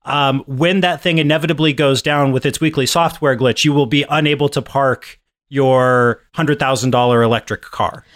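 A man's voice: medium pitch, steady tone, normal speed, fairly bright tone. A man making dry, sardonic remarks in casual podcast chat.

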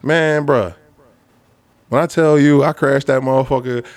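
A man's voice: mid-range voice, steady tone, measured pace, no echo. A young man co-hosting a podcast, animatedly telling a work story, swearing freely and acting out coworkers' voices. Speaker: podcast co-host. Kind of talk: storytelling in casual chat.

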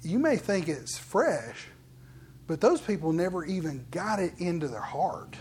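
A man pastor preaching a sermon in an animated, conversational way, full of asides to the congregation. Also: on the high side, a little slow, slight background noise. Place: church.

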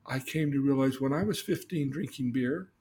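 A man's voice: medium pitch, normal speed, a little mellow. A man telling personal stories in a casual, earnest way, repeating himself and asking leading questions. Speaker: guest telling life stories.

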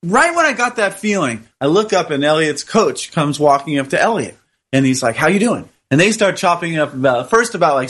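Male co-host, high and bright voice, animated storyteller who acts out quotes. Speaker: podcast co-host. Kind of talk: casual storytelling chat.

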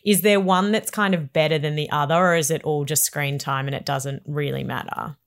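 A woman with a low voice. She asks her questions in a measured, conversational way, like a podcast co-host. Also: fairly even intonation. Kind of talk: casual podcast interview.

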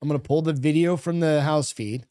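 A man's voice: fairly high pitch, brisk, dark tone, smooth, no room sound. Casual bantering podcast man, dry sound. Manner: loose, profane banter, reads news items aloud. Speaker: podcast co-host. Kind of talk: casual chat.

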